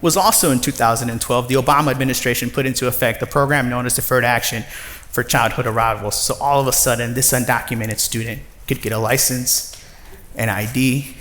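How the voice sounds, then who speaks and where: A man in his thirties giving a personal storytelling talk to an audience, lively and acting out the voices of others. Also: mid-range voice, fairly quick, a little hiss or hum. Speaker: nonprofit director giving a talk. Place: large former factory floor before an audience. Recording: long reverb of a large hall.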